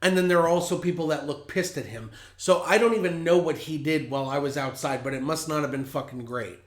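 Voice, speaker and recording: A man's voice: on the high side, brisk. Profane, heated storyteller man. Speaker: podcast host. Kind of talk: casual storytelling. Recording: roomy echo.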